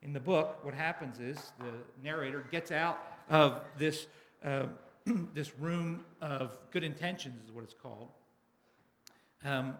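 A man's voice: fairly high pitch, fairly bright tone. A man preaching from a pulpit, his slightly raised voice ringing off the walls of an echoey room. He shifts between retelling a book and speaking straight to his listeners. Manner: reads a book passage aloud with dramatic feeling. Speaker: pastor. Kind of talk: sermon.

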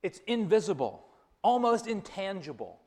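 A man's voice: high voice, very animated, normal speed. A man preaching a sermon, telling a story and repeating key phrases for emphasis. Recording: long reverb of a large hall.

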